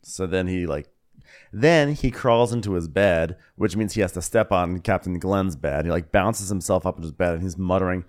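A man's voice: low-pitched, moderate pace, darkish tone. A man co-hosting a podcast, chatting casually and acting out quotes from a reality show. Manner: chatty, quotes people in put-on voices. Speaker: podcast co-host. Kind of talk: casual recap chat.

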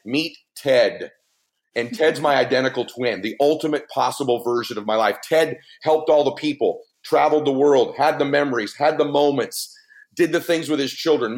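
A middle-aged man speaking as a guest on a podcast, telling a personal story in an earnest, emphatic way with big swings in pitch. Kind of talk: heartfelt podcast conversation.

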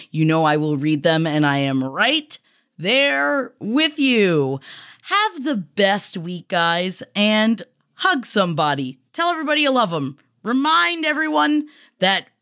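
A woman's voice: medium pitch, fairly bright tone. A woman hosting a podcast, reading listener mail in a giggly, chatty way and swearing freely. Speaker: podcast host.

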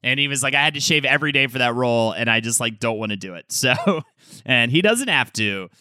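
A man co-hosting a casual chat podcast, telling the story lively with quick asides. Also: mid-range voice, clean tone, no echo. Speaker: podcast co-host.

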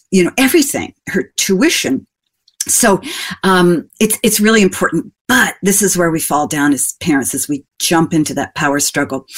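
An older woman giving a parenting talk, chatting with the audience, asking them questions and telling stories from her own family. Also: lowish voice. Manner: conversational, asks the audience questions and tells personal stories. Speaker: parenting speaker.

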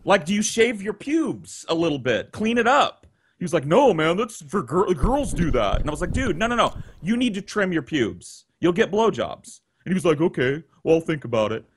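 A man telling a crude story on a podcast in a casual, profane, animated way. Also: fairly high pitch, normal speed. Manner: animated, profane, voice jumping up when excited. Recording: noisy podcast audio.

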